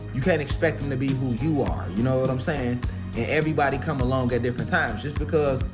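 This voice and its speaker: A man speaking in a casual, earnest social media monologue, streetwise and profane. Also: mid-range voice.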